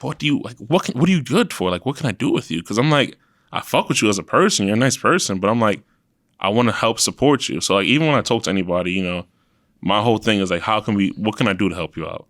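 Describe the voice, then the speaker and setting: A man's voice: on the low side, quick pace, no room sound, studio quality. A young man from Queens with a New York accent, telling blunt, profane stories as a podcast guest and acting out what people said. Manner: blunt, profane storytelling with lively put-on quotes. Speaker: podcast guest, event promoter. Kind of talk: casual interview chat.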